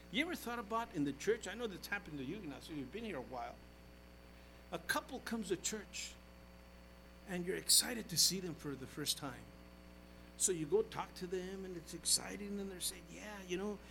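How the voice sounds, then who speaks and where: An older man preaching a sermon as pastor, his voice swinging from loud exclamations down to quiet asides. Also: high voice, a little hiss or hum, rough recording.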